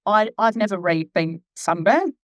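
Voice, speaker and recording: A woman's voice: medium pitch, expressive, moderate pace, dry recording. A chatty woman in her fifties, a skin therapist talking casually at a live event, rambling with many asides. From Australia. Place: clinic event room.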